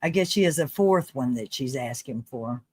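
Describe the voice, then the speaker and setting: A woman co-hosting a casual livestream, relaxed, reading viewer comments aloud. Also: very deep voice, normal speed, slightly rough, no echo. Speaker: livestream co-host.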